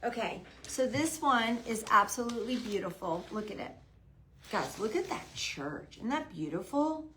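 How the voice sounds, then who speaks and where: A woman hosting a live craft stream, chatting softly to viewers by name and gushing over the decorations. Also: on the high side, lively intonation, moderate pace, slight background noise, rough recording. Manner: hushed, half-whispering. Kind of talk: casual live-stream chat.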